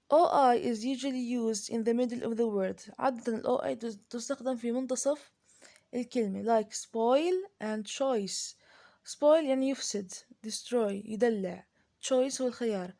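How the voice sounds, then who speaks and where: A woman with an Arabic accent walks through an English grammar lesson, her voice mellow and a little high. She speaks slowly and carefully, often pausing on fillers and restarting her sentences, and she slips into Arabic to explain the rules. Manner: slow, deliberate, hesitant with many fillers and restarts. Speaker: English teacher.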